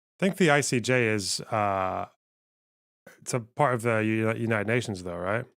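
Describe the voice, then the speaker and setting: A man with a mild, softened Scottish accent, a streamer chatting casually and swearing as he thinks aloud. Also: lowish voice, unhurried, creaky. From Scotland. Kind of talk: casual live-stream commentary.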